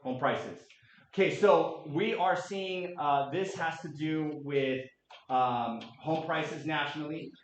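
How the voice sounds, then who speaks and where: A man in his late thirties presenting a real estate market update to a room, energetic and quizzing the audience. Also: on the high side, takes it slowly. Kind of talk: interactive office presentation. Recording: echoey room, dull lo-fi sound.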